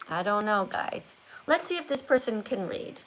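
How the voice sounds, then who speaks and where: A woman's voice: mid-range voice, big pitch swings, normal speed, fairly bright tone, rough recording. An older woman hosting a live stream, talking like a strict teacher who corrects and lectures. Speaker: livestream host.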